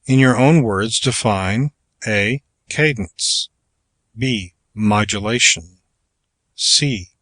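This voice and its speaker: A man reading aloud from a public speaking manual as scripted narration, working through numbered exercises in a measured, even way. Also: fairly low pitch, no echo. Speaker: audiobook reader.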